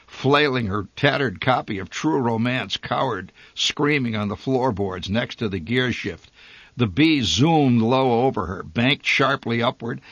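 A man reading a humorous memoir story aloud, with a wry, dry and lively delivery. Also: mid-range voice, dry recording. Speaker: narrator.

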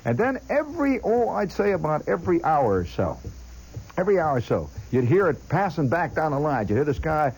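A man's slightly high, husky, a little mellow voice comes through a muffled recording, very animated and a little fast. He spins a long story about himself as a chatty monologue, addressing the listener directly and copying sounds with his voice.

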